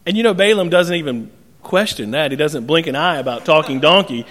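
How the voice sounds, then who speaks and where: A man preaching a sermon, retelling a scripture story with lively, animated storytelling and ending in earnest appeals. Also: fairly high pitch, fairly quick, long reverb tail. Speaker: pastor.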